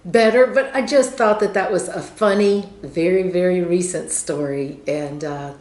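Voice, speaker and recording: A Southern American woman tells a casual story to her viewers, rambling along with plenty of fillers. Her voice sits on the low side. The room around her adds a noticeable echo. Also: measured pace, a little mellow. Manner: chatty, rambling with many fillers, laughs often. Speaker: vlogger telling a story. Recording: roomy echo.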